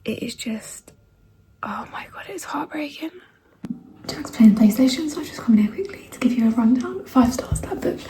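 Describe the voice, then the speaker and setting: A woman vlogging about a book she is reading, tearful and crying, often dropping into breathy half-whispers and trailing off. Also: high-pitched, warm tone. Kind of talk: emotional reading vlog chat.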